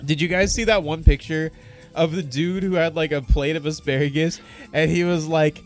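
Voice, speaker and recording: A man's voice: a little high, moderate pace, faint music behind. A man co-hosting a podcast, telling crude jokes and stories in casual banter. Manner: joking, storytelling, animated. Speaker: podcast co-host.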